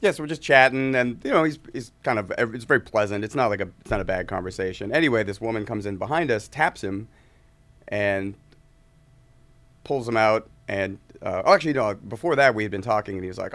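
A man telling a story in casual chat, animated and acting out quotes in a raised voice. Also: lowish voice, a little fast. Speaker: guest musician.

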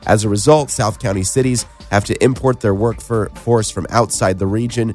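Low-voiced guy co-hosting morning radio, easygoing, laid back, faint music in the background. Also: steady tone, moderate pace, darkish tone. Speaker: radio show co-host. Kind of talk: casual local radio chat.

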